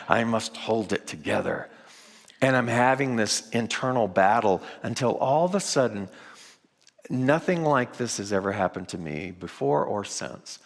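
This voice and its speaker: A middle-aged man preaching a storytelling sermon, with dramatic pauses and hushed moments. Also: lowish voice, expressive, creaky. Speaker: minister. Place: large church sanctuary. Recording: long hall reverb.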